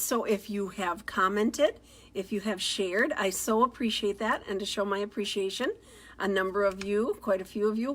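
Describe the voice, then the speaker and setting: A woman's voice: mid-range voice, a little hiss or hum. A cheerful, talkative middle-aged woman running a live card-making demo, recorded on a phone. She keeps an easy, upbeat chatter going, greeting viewers by name as she works. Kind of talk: casual live-stream craft demo.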